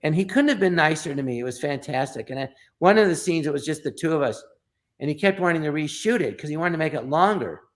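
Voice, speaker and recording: A man's voice: on the high side, fast talker. A middle-aged man from Los Angeles, a comedian guest telling a story in an interview and acting out the quoted lines. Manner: animated storyteller, acts out quoted dialogue.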